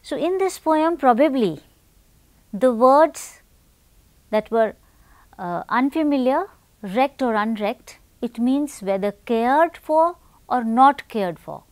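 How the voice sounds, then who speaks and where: A woman teacher speaking in a slow, careful way, and her voice sits a little higher than most. She puts questions to her students, and the room sound is dry and close. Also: expressive, no echo. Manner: slow, deliberate, asks the class questions. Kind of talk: classroom lesson with poem reading.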